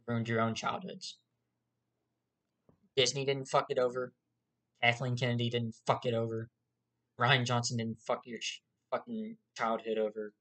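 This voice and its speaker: A young-sounding man with a drawl delivers an angry, profanity-heavy rant straight to camera. He circles back to the same complaints over and over. His voice sits at an ordinary middle pitch. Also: fairly bright tone. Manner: profane, heated, repetitive. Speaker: YouTuber.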